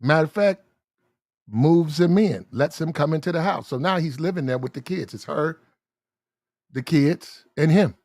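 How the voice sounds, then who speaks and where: Male storyteller with a high voice and a dry, close sound; casual and animated, acts out the people in his story. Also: moderate pace, dry recording. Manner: animated, acts out the characters in the story, clears throat often.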